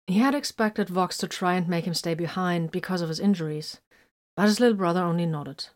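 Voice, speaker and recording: A woman narrating a fan fiction story in a measured, softly dramatic way. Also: lowish voice.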